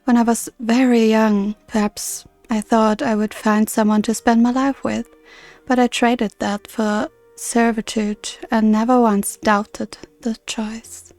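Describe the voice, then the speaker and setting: A woman reading aloud the lines of an earnest, formal woman guardian from a game, in a measured, soft-spoken way. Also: a little high, little pitch movement, no echo, faint music behind.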